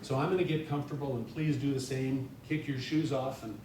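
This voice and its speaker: Male guest speaker from North Dakota, rambling and folksy, heard from a distance in a very echoey church hall with a faint rumble. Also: fairly even intonation, a little fast. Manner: chatty, self-deprecating, many fillers and restarts. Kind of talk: informal sermon talk. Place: church sanctuary.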